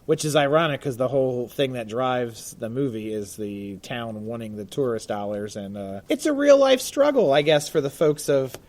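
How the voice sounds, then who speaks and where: A man's voice: mid-range voice, animated, normal speed, few pauses, a little mellow. Chatty, jokey man co-hosting a podcast. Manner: chatty and jokey, laughs often, frequent "uh" fillers. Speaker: podcast co-host. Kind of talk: casual chat. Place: Baltimore.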